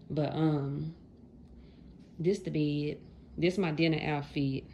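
Low gravelly chatty woman in her late twenties. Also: fairly even intonation, takes it slowly, pauses often, dark tone, a little hiss or hum. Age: late 20s. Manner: chatty, talks straight to viewers, folksy slang. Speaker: vlogger. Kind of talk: casual chat to viewers.

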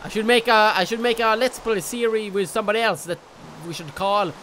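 A young adult gaming YouTuber giving excitable let's play commentary, with loud outbursts, mock bravado and casual swearing. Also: mid-range voice, a little fast, a little hiss or hum, rough recording.

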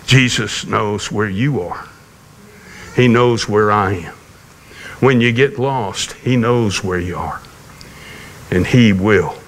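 A man preaching a sermon, telling a personal story in a folksy, gently humorous way. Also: fairly low pitch, slow pace, long pauses, slight background noise. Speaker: pastor.

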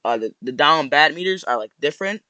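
A man's voice: a little high, lively intonation, brisk, bright, forceful tone, clean tone, no echo. Rambling young man with slangy reaction chatter. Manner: rambling, slangy, mock-sorrowful. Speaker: YouTuber reacting to posts. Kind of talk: casual reaction commentary.

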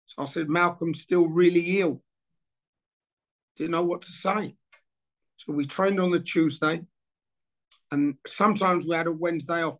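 Lively man telling a story. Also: a little high. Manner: animated storyteller acting out dialogue. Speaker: former footballer interviewee. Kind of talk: casual anecdote telling.

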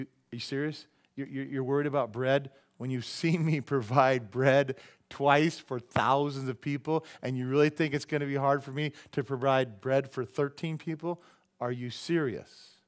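A pastor preaching in a church with a mid-pitched voice. He talks loosely and with humor. He slips into short acted voices for the people he describes. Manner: animated, acts out voices and jokes with the congregation. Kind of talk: sermon.

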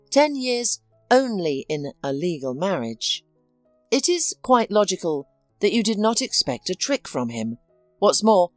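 A woman reading the lines of a caring, upbeat male friend in a storybook narration, coaxing and warm. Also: on the low side, dry recording.

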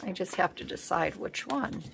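A woman with a low, gravelly voice chats as she works on a collage at her home craft table, faint background noise. She rambles and thinks aloud about where each piece should go, often slipping into a soft murmur. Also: expressive, moderate pace. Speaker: collage artist host. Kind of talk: casual crafting chat.

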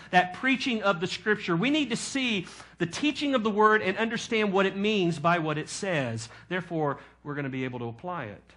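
A man's voice: high-pitched, fairly bright tone. A male pastor preaching a sermon, teaching from scripture and putting questions to his congregation.

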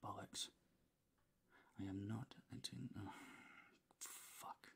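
A worn-out man with a deep, gravelly voice grumbles and swears at himself between takes. His tone is husky and low, and he sometimes drops to a whisper as he loses his place. It is a home recording in the small hours, heard through his own mic. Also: steady tone, slow, a bit bright. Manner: frustrated muttering and cursing. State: exhausted. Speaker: voice actor. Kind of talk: recording bloopers, talking to himself.

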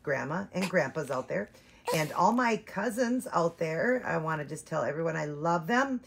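A woman speaking for a baby boy doll in a slow, sing-song, affectionate way. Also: low voice, expressive, creaky, background noise. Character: sweet baby boy doll, cheerful and loving.

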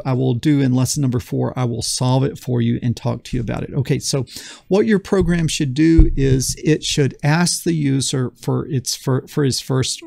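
A man's voice: medium pitch, gravelly, a little mellow, no echo, clean studio sound. A man teaching a beginner programming lesson in a folksy, enthusiastic way, often repeating phrases for emphasis. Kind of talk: screen-recorded coding lesson.

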